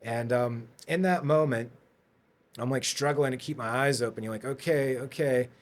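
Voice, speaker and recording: A man guest on a podcast, telling his story in a casual, rambling way with many fillers and restarts. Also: medium pitch. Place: podcast studio.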